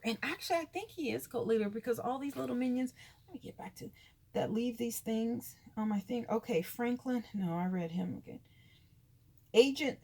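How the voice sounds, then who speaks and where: Fifties woman with a husky voice delivering an indignant, animated casual commentary. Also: medium pitch. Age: 50s. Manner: animated, indignant, drops to whispers for asides. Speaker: vlogger.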